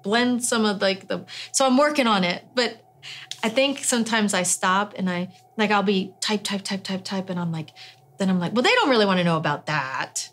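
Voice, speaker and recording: A woman's voice: medium pitch, fairly bright tone. A middle-aged woman, talking casually in an interview, rambling with many restarts.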